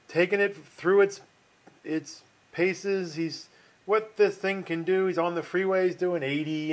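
A middle-aged man teaching a finance class online, rambling and folksy, with many restarts and fillers. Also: fairly high pitch. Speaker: finance instructor.

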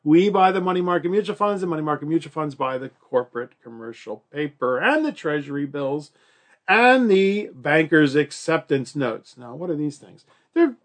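A man's voice: a little high, animated, normal speed. Chatty man giving a lecture. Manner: chatty and joking, with frequent fillers and acted-out quotes. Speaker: college instructor. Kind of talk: recorded classroom lecture.

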